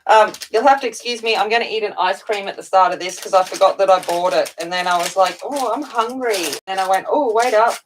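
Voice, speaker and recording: A woman's voice: mid-range voice, steady tone, quick pace, hardly any pauses, a little hiss or hum, poor audio. A woman hosting a casual livestream from home, tired and chatty, greeting viewers by name and talking while she eats. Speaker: coloring channel host.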